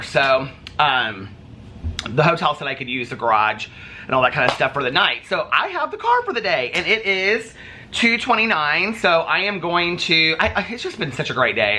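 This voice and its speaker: A man vlogging from a hotel room, telling stories in a chatty, animated way with lots of fillers. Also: medium pitch, slight background noise. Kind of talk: casual chat to camera.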